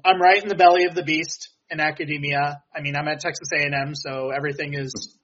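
A young man speaks as a guest on a talk show, explaining his views in a steady, measured way. His voice sits a little high. The audio is dull and lo-fi. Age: young adult. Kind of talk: interview answers.

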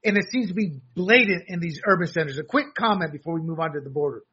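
A man co-hosting a political talk show, animated and sarcastic, often laughing and acting out mocking quotes. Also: a little high, fast talker, dull audio, a little hiss or hum. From abroad, a country once under dictators. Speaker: co-host.

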